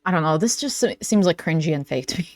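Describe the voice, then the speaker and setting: A young woman giving casual reaction commentary in a blunt, sarcastic, animated way. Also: deep voice, fast talker.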